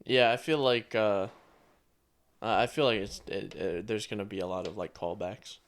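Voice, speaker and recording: A man's voice: on the low side, normal speed, a little hiss or hum. A man co-hosting a podcast in casual chat, joking dryly and hesitating with fillers. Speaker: podcast co-host.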